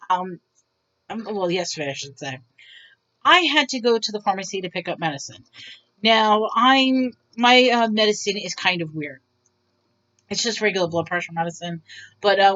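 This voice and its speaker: A woman vlogger telling stories in a casual, rambling way, acting out the lines of the people in them. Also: medium pitch. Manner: rambling, animated, acts out quotes. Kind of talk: casual storytelling. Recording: dull lo-fi sound.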